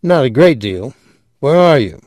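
A man reading a gruff, nervous police technician. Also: medium pitch, sing-song, a little mellow, no echo, pitched above the performer's own voice. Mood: nervous, hesitant. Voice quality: gruff, thin strangled voice. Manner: hesitant, halting.

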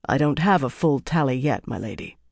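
Grim male guard captain in an audiobook, terse and a little lower, as the narrator puts him on. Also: animated, a little fast, gravelly, a little mellow, no room sound, studio quality. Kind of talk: audiobook character voice.

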